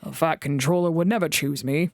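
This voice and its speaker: A woman's voice: brisk, dry recording, studio quality. Gordon, a woman doing a grand boastful big engine. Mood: gloomy. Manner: grand booming chortle.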